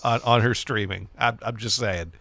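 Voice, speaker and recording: A man's voice: on the low side, fairly even intonation, moderate pace, a bit bright. A man hosting a casual livestream chat, rambling and reading viewer comments aloud. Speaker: streamer host.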